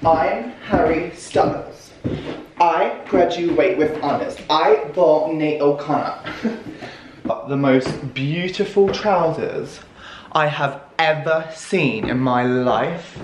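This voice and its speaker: A young man with a British accent, excitedly unboxing a clothing haul and exclaiming, gasping and laughing often. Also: on the high side, slow pace. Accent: British English. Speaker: fashion vlogger. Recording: echoey room with clear background noise.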